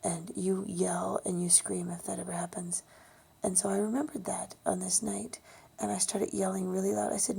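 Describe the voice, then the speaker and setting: Breathy gravelly woman telling a memory. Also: mid-range voice, level tone. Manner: soft, often whispery, halting with ums and restarts. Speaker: storyteller sharing a personal memory. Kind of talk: personal storytelling monologue.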